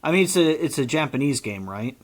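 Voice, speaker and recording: A man's voice: medium pitch, expressive. Joking man in podcast banter. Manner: joking, quick banter, laughs a lot. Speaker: podcast co-host. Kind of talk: casual chat.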